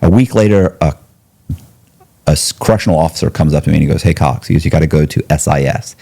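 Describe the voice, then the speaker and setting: A man telling a story as a podcast guest in casual talk, animated, and he jumps up high when he quotes people. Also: quick pace, vocal fry, husky. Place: podcast studio.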